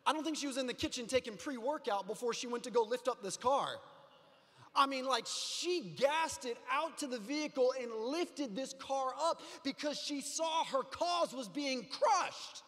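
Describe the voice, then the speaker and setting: A man preaching a sermon as a pastor, moving from quiet storytelling to loud, rising exhortation. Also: extremely high pitch, moderate pace, big-room sound.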